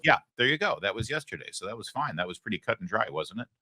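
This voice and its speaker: A man's voice: on the low side, sing-song, quick pace, bright, forceful tone, no echo, studio quality. A man hosting a political commentary show, delivering a sarcastic opinion monologue and acting out quoted voices.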